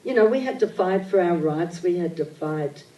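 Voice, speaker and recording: An older woman, telling childhood stories in an animated, theatrical way at a live on-stage interview. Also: on the low side, normal speed, lo-fi sound. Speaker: interview guest. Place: event venue with audience. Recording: echoey hall, mic at a distance.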